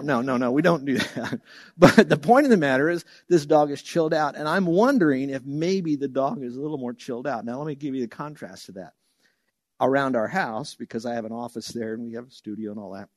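A male pastor preaching a sermon in an animated way, acting out quoted voices and laughing now and then. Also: medium pitch, no room sound, studio quality.

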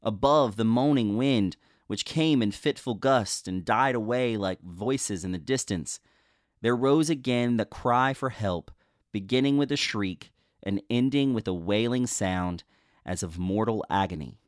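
A man's voice: on the low side, no echo, studio quality. Man reading a ghost story aloud. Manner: measured, expressive storytelling. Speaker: host.

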